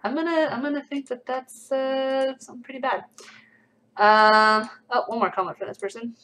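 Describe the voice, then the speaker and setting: A woman's voice: fairly high pitch, fairly even intonation, normal speed, a bit bright, a little hiss or hum, rough recording. A young woman hosting a casual livestream, reading comments aloud with a dry, sarcastic edge.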